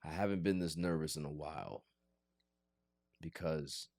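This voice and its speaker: Animated man hosting a sports podcast. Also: a bass voice, unhurried, gravelly, no room sound, studio quality. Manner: animated, jokey, theatrically pleading. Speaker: podcast host. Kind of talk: casual sports chat.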